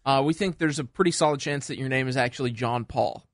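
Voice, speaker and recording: Deadpan male radio co-host. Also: medium pitch, fast talker, dry recording, studio quality. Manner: deadpan ribbing. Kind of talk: casual studio banter. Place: radio studio.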